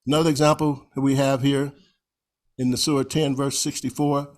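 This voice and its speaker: A man's voice: medium pitch, level tone, moderate pace. A man giving a slide presentation over a video call, talking in a folksy, conversational way and stretching out recited phrases for emphasis.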